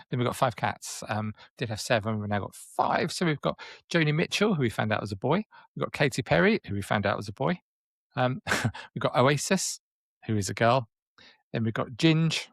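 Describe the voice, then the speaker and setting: A man's voice: mid-range voice, lively intonation, moderate pace, gravelly, no room sound. A man co-hosting a podcast in casual chat, teasing his co-host with dry banter.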